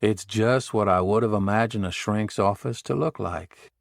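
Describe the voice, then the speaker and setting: A man doing a dry-witted, self-assured male agent, low and gravelly. The delivery is close and dry, like an audiobook read. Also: normal speed, no echo. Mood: wry. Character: wry, confident male Secret Service agent.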